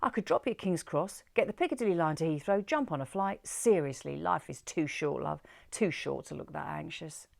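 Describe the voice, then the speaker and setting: A woman's voice: low voice, animated, a little fast, gravelly, hardly any pauses, no room sound, studio quality, full character voice. A woman reading the lines of a teasing, easygoing male London cab driver in a story. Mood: coaxing. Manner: easygoing, teasing, calls her love. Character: warm London cab driver, middle-aged man.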